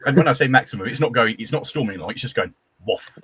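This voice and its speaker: A man's voice: medium pitch, lively intonation, rapid-fire, few pauses, a bit bright, slight background noise. A young man chatting casually as a guest on a live stream, with lots of stumbling restarts and enthusiasm.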